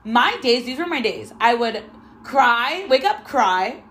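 A woman's voice: fairly high pitch, sing-song, slow, fairly bright tone. A young woman hosting a casual chat, telling a personal story bluntly, swearing often and acting out what others said. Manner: candid storytelling with frequent swearing and quoted dialogue. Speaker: podcast host.

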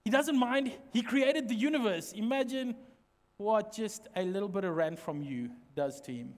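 A middle-aged man, preaching a lively sermon in a church and joking with the congregation. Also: high-pitched, moderate pace. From South Africa. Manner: lively, joking, with lots of direct questions to the congregation. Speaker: pastor. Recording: echoey church hall reverb.

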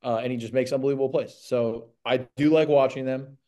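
A man's voice: medium pitch, fairly even intonation, fairly quick, mellow. A young man co-hosting a casual sports podcast, laid-back with frequent ums. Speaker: podcast co-host. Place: home.

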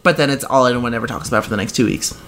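A woman's voice: rumbling low, rapid-fire. A woman co-hosting a podcast in casual chat, swearing freely and acting out scenes as she retells them. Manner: profane, animated retelling with quoted voices. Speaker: podcast co-host.

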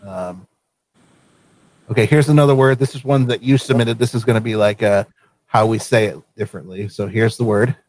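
A man from Vermont hosting a casual live show, easygoing and quick to laugh. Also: on the low side, darkish tone, no echo. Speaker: show host.

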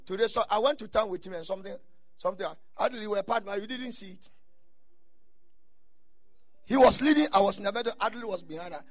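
A man preaching a sermon, telling stories and breaking into shouted bursts. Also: sits high, fairly quick, pauses often, no room sound, soft background music. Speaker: pastor.

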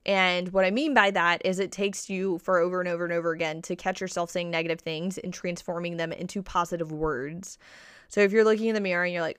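Smooth-voiced woman coach, chatty. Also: lowish voice, fairly even intonation, fast talker, a bit bright, no room sound, clean studio sound. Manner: checks in with listeners constantly, "right?" and "okay?"; repeats key points for emphasis. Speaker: body-confidence coach. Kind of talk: casual motivational podcast talk.

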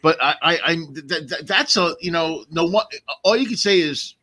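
A man co-hosting a casual comedy podcast, cracking crude jokes in a lively way. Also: a little high, moderate pace. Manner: crude wisecracks, lively delivery. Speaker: podcast co-host.

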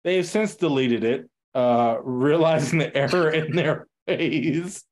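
A man with a somewhat high voice chats casually as a podcast co-host. His talk is loose and slangy, and he laughs often. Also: slow. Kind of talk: casual chat.

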